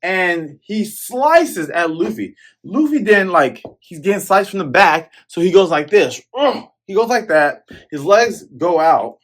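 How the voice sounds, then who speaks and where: A man hosting a manga review show, retelling a chapter in a casual, excitable way and acting out the scenes as he goes. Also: sits high, unhurried, hardly any pauses.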